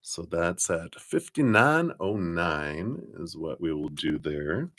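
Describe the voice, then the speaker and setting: Deep-voiced man reading tarot cards. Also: sing-song, takes it slowly, no echo, clean studio sound. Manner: rambling, warm spiritual talk with fillers and laughs. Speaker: tarot reader. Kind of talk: live-stream card reading.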